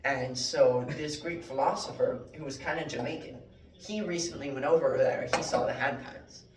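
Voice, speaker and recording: A man giving a mock classroom lecture, rambling through deadpan fake word origins with many fillers. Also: mid-range voice, normal speed, slight background noise. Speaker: joke Latin teacher. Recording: echoey room, mic at a distance.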